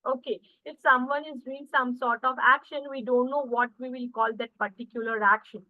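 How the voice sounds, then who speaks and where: A woman's voice: high voice, fairly even intonation, dry recording. A woman with an Indian English accent, teaching a spoken English class online and explaining step by step. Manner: explains slowly, often says guys and okay. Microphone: video call. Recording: dry, phone-like call audio.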